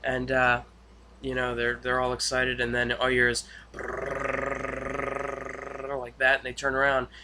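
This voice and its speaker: A man giving a casual, rambling spoken recap of a TV episode, full of fillers and excited asides. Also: medium pitch, brisk, very noisy. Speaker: TV episode reviewer.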